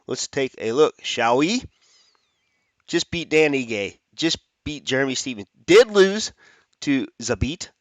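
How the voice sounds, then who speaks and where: A man giving his fight predictions in a loose, chatty way, wandering off on tangents and fixing his own mistakes as he talks. His voice sits at a middle pitch. He is recorded close and dry, with no room sound around him. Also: fairly bright tone, no echo. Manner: chatty, rambling with restarts and self-corrections. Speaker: MMA fight picks host. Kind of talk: casual fight prediction talk.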